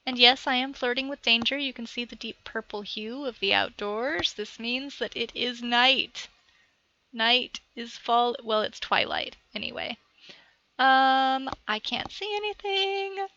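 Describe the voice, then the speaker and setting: A woman's voice: on the high side, fairly even intonation, measured pace, bright, forceful tone, dull audio. A woman chattily narrating a video game tutorial from her computer at home, talking aside to her cat as she plays. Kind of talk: rambling gameplay tutorial.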